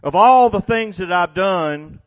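A man's voice: high voice, lively intonation, unhurried, lo-fi sound. A man, preaching a sermon to his congregation in a folksy, storytelling way, often laughing and restarting his words. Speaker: pastor. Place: church before a congregation.

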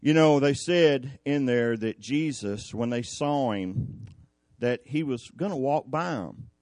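A man's voice: medium pitch, expressive, takes it slowly, darkish tone, dry recording. A man preaching a folksy sermon, telling the scripture like a story and acting out the people in it. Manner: folksy, drawling storyteller who acts out the scripture. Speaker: preacher at a cowboy church.

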